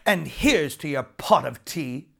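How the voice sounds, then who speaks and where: A storyteller voicing a sharp-tongued, hot-tempered young wife who snaps and shouts, in a storybook read-aloud. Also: mid-range voice, animated, slow pace, vocal fry, heavily acted. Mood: defiant. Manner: snapping, loud and cross.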